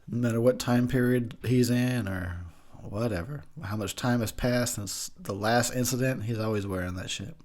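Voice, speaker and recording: A man's voice: mid-range voice, a little mellow. A young man giving crude, joking commentary over a movie while drinking beer, laughing often. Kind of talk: casual drunk movie commentary.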